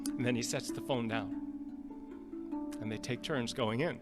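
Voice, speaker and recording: A man preaching in an ordinary middle-pitched voice, telling a story slowly and gently with halting repeats. His words ring out with a long reverb. Guitar music plays clearly behind him. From Upper Midwest US. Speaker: pastor. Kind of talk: sermon storytelling.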